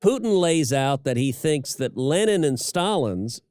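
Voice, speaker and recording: A man's voice: a little high, big pitch swings, a little slow, darkish tone, dry recording, clean studio sound. A middle-aged man delivering political commentary as a podcast co-host, emphatic and given to repeating words as he starts sentences.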